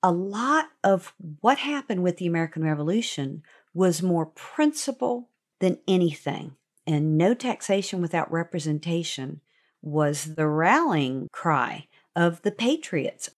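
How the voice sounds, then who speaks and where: Slow, low-voiced woman explaining history. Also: lively intonation. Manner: conversational teaching. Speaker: teaching segment host.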